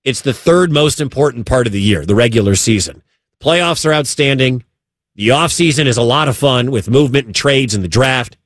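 A man's voice: medium pitch, animated, normal speed, dry recording, studio quality. A man hosting a sports talk radio show, talking emphatically and repeating his points for stress.

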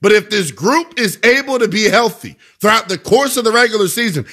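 Animated, bright-voiced sports radio host man. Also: high-pitched, brisk, hardly any pauses. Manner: animated, emphatic, conversational with rhetorical questions. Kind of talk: sports talk radio monologue.

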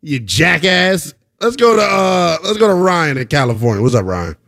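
A man hosting a sports call-in radio show, talking in animated, lively bursts and breaking into loud laughter. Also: a little high, moderate pace, gravelly, no room sound, clean studio sound.

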